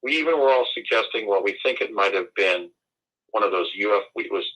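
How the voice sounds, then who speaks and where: A man's voice: fairly low pitch, animated, fairly quick, sharp tone, rough recording. A man from the United States, speaking as an interview guest in an emphatic, formal and indignant way. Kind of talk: conversational interview.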